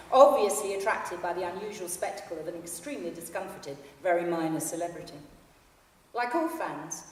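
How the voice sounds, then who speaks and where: A slightly mellow, lowish female voice belongs to a woman in her fifties reading her memoir publicly in a library hall. She tells it dryly and without fuss; the recording is echoey, distant, and carries a little hiss or hum.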